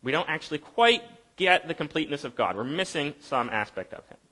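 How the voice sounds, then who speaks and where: A man preaching a sermon in a conversational, explaining way, asking rhetorical questions and reading scripture aloud slowly. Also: on the high side, animated, sharp tone. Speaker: pastor.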